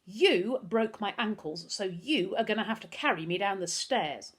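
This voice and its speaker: A woman's voice: medium pitch, animated, normal speed, husky. A woman voicing a whiny, spiteful grown man who whines and shrieks. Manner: whining, shrieking.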